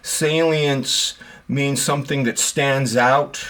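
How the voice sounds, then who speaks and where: A man's voice: medium pitch, fairly even intonation, takes it slowly, a bit bright. Rambling middle-aged man. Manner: rambling, self-deprecating, with frequent fillers. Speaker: watch channel host. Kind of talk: casual monologue to camera.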